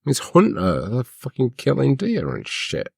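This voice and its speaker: Teasing, sweary co-host. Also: male voice, mid-range voice, wildly swooping pitch, a little slow, gravelly, slightly rough, no echo, clean studio sound. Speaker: podcast co-host. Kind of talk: casual banter.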